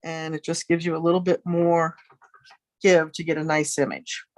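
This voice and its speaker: In her home studio, a middle-aged crafter demonstrates a project, chatting and musing aloud with friendly asides. Her voice is low and her delivery flat at a moderate pace, with no room sound.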